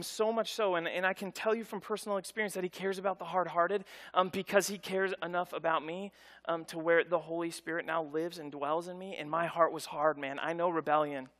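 A middle-aged man preaching a conversational, story-driven sermon, acting out the people in his stories. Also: high-pitched. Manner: conversational, animated storytelling with voiced quotes. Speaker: pastor.

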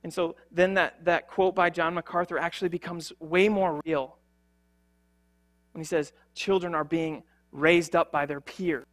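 A man's voice: on the high side, fairly even intonation, unhurried, fairly bright tone, soft background music. A young man preaching a sermon as a pastor, earnest and conversational, with frequent fillers and restarts.

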